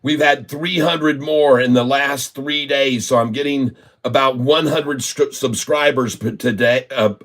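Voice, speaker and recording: A man's voice: mid-range voice, unhurried, few pauses, a bit bright. A man giving live-stream trading commentary, effusive and folksy, often laughing as he talks. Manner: laughs often while talking.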